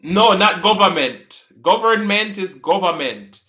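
Jamaican male streamer host, unhurried, laughs a lot, echoey room. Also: high voice, animated, sharp tone. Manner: repeats words slowly and laughs often. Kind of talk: live-stream trivia chat with viewers.

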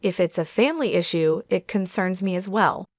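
A woman's voice: on the low side, moderate pace, dry recording, studio quality, natural voice. A woman voicing a dignified gray-haired older executive who speaks formally and firmly. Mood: stern. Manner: calm, formal, firm.

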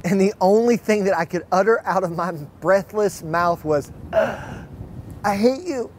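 Lively pastor with a high voice. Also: male voice. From Fort Worth, Texas. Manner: lively storyteller, acts out quotes. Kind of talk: sermon with personal storytelling. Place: online church service.

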